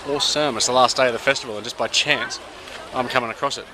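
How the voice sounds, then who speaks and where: A man's voice: medium pitch, steady tone, fast talker, background noise. A man from Sydney with an Australian accent, chatting upbeat to camera on a travel vlog, outdoors by a river. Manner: chatty and upbeat, with slangy asides. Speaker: travel vlogger. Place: outdoors by a river on a hot day.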